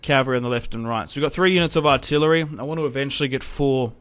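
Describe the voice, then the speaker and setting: A young man giving casual commentary over a strategy game, chatty and quick to react loudly when things go wrong. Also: medium pitch, smooth. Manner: chatty, reacts loudly to setbacks, self-mocking laughs. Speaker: gaming YouTuber.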